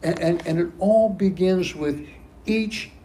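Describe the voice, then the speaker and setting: Male pastor, sermon, dark warm tone, emphatic repetition, faint background hiss. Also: sits high, slow pace. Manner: emphatic, repeats key phrases for stress. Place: church sanctuary.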